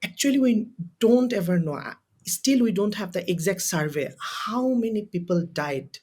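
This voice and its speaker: A young university student from Bangladesh, a native Bengali speaker with a Bangladeshi accent, is a guest on a podcast interview. His high, slightly rough, darkish voice moves with lively intonation at normal speed. He speaks with raw emotion, hammering his points by repeating them again and again.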